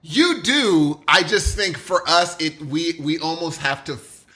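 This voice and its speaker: A Californian man in casual podcast chat, jokey and animated. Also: a little high, a little slow, faint music behind. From California, USA.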